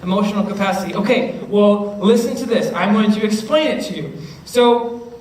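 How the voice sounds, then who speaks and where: High-voiced man, lively youth speaker. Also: moderate pace. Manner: animated, acts out students' voices, keeps checking in with the listeners. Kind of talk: youth talk to middle schoolers. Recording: roomy, distant mic with faint noise.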